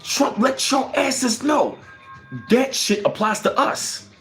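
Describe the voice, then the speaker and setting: A man's voice: extremely high pitch, takes it slowly, a bit bright, faint music behind. A man hosting a heated livestream, profane and emphatic, firing off rhetorical questions and reading out viewer comments. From United States. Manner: reads out viewer chat comments. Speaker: livestream host.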